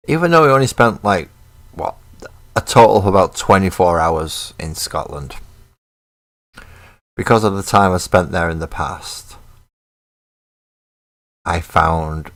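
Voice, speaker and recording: A man's voice: sits low, a bit bright. An English man with a Manchester accent chatting casually and self-deprecatingly while painting miniatures. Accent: English, Manchester area with Glaswegian slips. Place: home hobby desk. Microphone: webcam mic.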